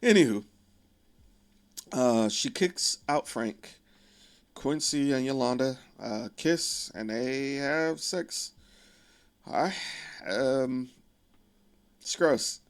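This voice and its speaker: A man's voice: medium pitch, animated, drawn-out words, pauses often. A man casually retelling a film plot in a profane, conversational way with wry asides. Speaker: video creator.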